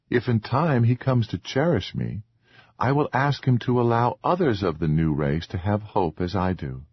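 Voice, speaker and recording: Man doing a meek earnest young wife, soft pleading formal speech, low husky voice, muffled audiobook sound. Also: no echo, full character voice.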